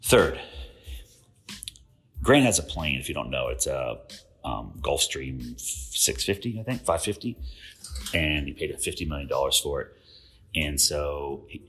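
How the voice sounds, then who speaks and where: A man's voice: rumbling low, lively intonation, normal speed, a bit bright, soft background music. A man hosting a podcast, telling stories casually with quoted dialogue and questions to the listener. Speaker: podcast host. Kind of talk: casual storytelling monologue.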